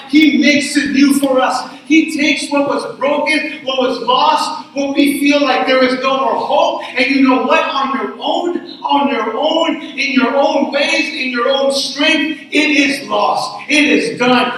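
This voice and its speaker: A pastor from Tucson preaching a sermon, telling a personal story in an earnest way and repeating phrases for emphasis. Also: male voice, very high-pitched, a bit bright. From Tucson, Arizona. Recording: echoey hall, mic from far off.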